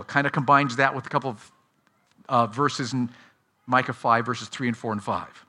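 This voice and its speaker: A man's voice: medium pitch, steady tone, moderate pace, pushed and bright, breathy edge. A man teaching Bible prophecy to children in a sermon, asking them questions and praising their answers.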